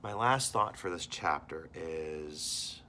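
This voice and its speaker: A deep-voiced American man reads a novel chapter aloud for his students, pausing to explain points as their teacher. He throws himself into the dialogue, jumping up in pitch for the characters. A faint hiss sits under the recording. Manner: animated reading, voicing characters with big jumps in pitch. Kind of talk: reading a novel aloud with classroom commentary.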